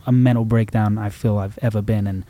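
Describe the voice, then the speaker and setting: Dark-voiced musician talking reflectively. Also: male voice, on the low side, steady tone, a little fast, no echo. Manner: reflective, rambling with many restarts. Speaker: musician guest. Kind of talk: casual interview talk.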